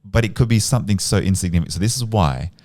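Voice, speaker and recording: A man's voice: sits low, fast talker, darkish tone. A man, a psychotherapist and podcast guest, explaining his method in a casual, earnest way.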